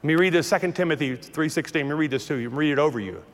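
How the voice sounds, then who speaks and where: Southern pastor in his fifties, high voice, preaches in a reverberant hall, moving between hush and loud calls. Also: rapid-fire. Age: 50s. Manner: swings from hushed to forceful preaching. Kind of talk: sermon.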